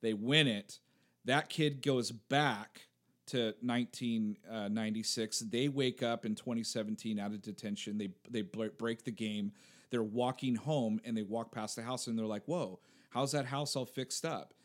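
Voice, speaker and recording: Animated man in casual podcast chat. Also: fairly low pitch, normal speed. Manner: animated, laughs often, swears freely. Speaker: podcast co-host.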